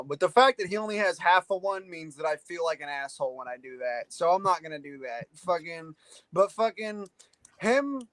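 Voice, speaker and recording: A man with a high-pitched voice rants as a podcast co-host, cursing constantly and sounding fed up. The sound is very dry and close, with no room around it. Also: pushed and bright, no room sound. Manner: profane, exasperated ranting. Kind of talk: casual chat.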